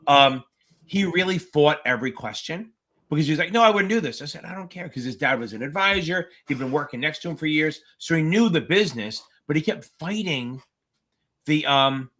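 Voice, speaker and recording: Blunt, profane tutor hosting a live Q&A. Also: male voice, a little high, fairly bright tone. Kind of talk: livestream Q&A chat.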